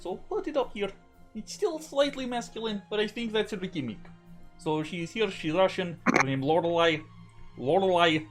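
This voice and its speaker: Laughing, jokey game master man. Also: on the high side. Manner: jokey, laughs often, thinks aloud. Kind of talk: casual tabletop game narration.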